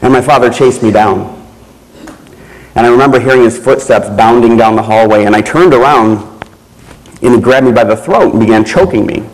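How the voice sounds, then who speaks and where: A man giving a keynote speech, telling a personal story in a slow, measured way with pauses. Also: medium pitch, rough recording. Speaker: keynote speaker.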